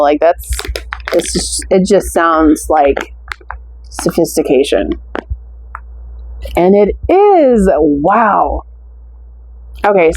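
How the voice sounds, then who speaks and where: A woman's voice: lowish voice, darkish tone, rough recording. Chatty American woman gushing over scents. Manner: chatty, gushing, drawn-out descriptive words. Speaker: wax melt haul reviewer. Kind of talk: casual product review chat.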